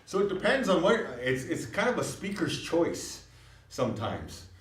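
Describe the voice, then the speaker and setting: Man teaching a class, lively and roomy. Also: fairly high pitch, normal speed. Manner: lively, explains patiently with frequent checks for understanding. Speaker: language teacher. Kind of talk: classroom language lesson. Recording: echoey room, recorded from far off.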